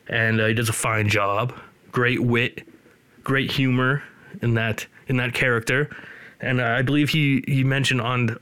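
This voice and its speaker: A male podcast host in his studio, chatting casually, rambling, and joking at his co-host's expense. His voice sits at an ordinary middle pitch, and the sound is dry and close with no room echo. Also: fairly bright tone, clean tone. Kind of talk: casual chat.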